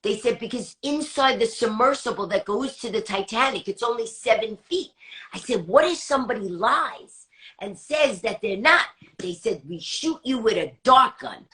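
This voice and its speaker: Fast-talking woman comic, bright, slightly high voice, acts out her quotes. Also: expressive. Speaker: stand-up comic guest. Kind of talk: animated anecdote telling.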